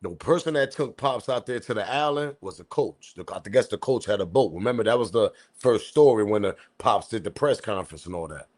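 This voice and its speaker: A man's voice: fairly low pitch, lively intonation, a little fast, hardly any pauses, darkish tone. A man from the US East Coast with his accent, hosting a casual live-stream commentary with slangy, loose talk and chuckling asides to his chat. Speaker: commentary channel host.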